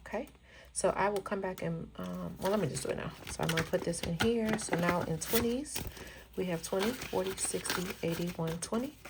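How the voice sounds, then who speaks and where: Chatty woman with gravelly voice. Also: fairly low pitch, a little fast, heavy background noise. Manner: chatty, counts bills aloud, addresses viewers as y'all. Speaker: budgeting vlogger. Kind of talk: casual cash-stuffing vlog chat.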